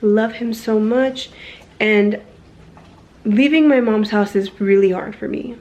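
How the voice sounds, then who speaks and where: A woman's voice: on the high side, moderate pace, a little mellow, highs cut off. A young woman talking candidly to a phone camera at home in a personal vlog, frank and rambling, swearing casually as she goes. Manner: rambling with fillers and self-corrections. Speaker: vlogger.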